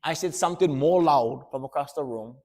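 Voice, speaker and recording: A man from Hawaii with a Hawaiian Pidgin accent, a speaker telling a story to students in an animated, laughing way, slipping into character voices. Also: a little high, fairly quick. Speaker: motivational speaker.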